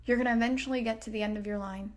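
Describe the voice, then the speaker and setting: A woman in her thirties hosts a motivational podcast as a coach, speaking casually and frankly with lots of fillers and swearing, sometimes dropping to a near-whisper for emphasis. Her voice is fairly high with fairly even intonation, and she talks very fast.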